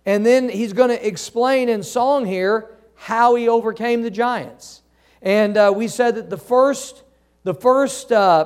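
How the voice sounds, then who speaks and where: Male pastor, high voice, sermon delivery with call-and-response and quiet, slowed emphasis. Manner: preaching with call-and-response questions to the congregation; reads scripture aloud, drops to soft, slow phrases for emphasis.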